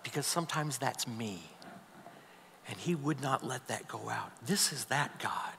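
A man preaching a sermon as a pastor, animated, swinging from loud emphasis to soft, near-whispered passages. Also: mid-range voice, measured pace, creaky, big-room sound, slight background noise.

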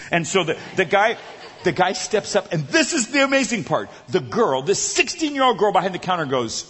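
Lively male preacher in an echoing hall. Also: on the high side, normal speed. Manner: animated, acting out the characters. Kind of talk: storytelling sermon. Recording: echoey large hall.

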